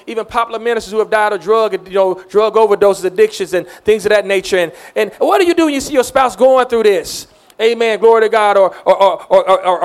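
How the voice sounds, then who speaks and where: High-voiced man preaching earnestly. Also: clean tone. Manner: earnest, repeats words, calls amen. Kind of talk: conversational sermon.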